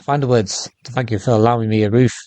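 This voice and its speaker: A man's voice: mid-range voice, fairly even intonation, fast, mellow, no room sound, natural voice. A man voicing a polite male pirate guest with a slight Irish lilt, reading the lines in old-fashioned courteous speech.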